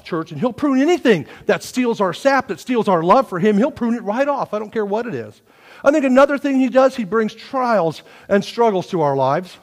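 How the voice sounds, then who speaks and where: A man preaching in a church, his voice sitting high and leaping all over the place as he tells homespun stories. He drops to near whispers, then bursts out loud. The sound carries a long, echoing reverb from the sanctuary. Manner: folksy, animated preaching with sudden swings from hushed to loud. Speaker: pastor. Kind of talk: sermon.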